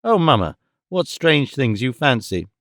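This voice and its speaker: A man voicing a shy, gentle young woman. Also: medium pitch, very animated, a little slow, dry recording, clean studio sound. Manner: gentle, hesitant.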